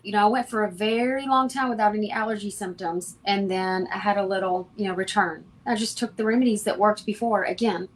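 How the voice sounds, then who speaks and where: A woman speaking as a homeopath guest in an interview, giving advice in a calm, matter-of-fact, instructive way. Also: medium pitch, brisk, few pauses.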